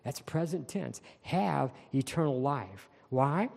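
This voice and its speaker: A male pastor preaching a sermon, slowing down to stress key words of scripture. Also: medium pitch, mellow. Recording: long reverb of a large hall.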